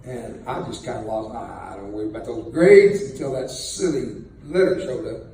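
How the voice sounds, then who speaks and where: A man's voice: medium pitch, moderate pace, creaky, dark tone. An older man telling a war story to an audience in a folksy, joking way, chuckling as he talks. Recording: very echoey room, distant mic, faint noise.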